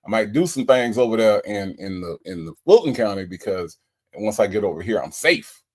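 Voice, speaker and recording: A man's voice: fairly low pitch, a little fast. A man hosting a livestream, casually greeting viewers and reading their comments with playful energy. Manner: animated, lively, playful with repeated greetings. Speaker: livestream host.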